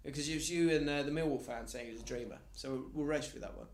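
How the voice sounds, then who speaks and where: A man's voice: mid-range voice, fast talker, reverberant. A man from England hosting a casual podcast chat, leading the topics with a teasing manner. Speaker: podcast host.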